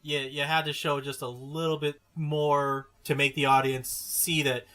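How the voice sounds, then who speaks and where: A man's voice: on the high side, little pitch movement, a little slow, bright, forceful tone. A man co-hosting a casual movie review podcast, chatty and often restarting his words. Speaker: podcast co-host.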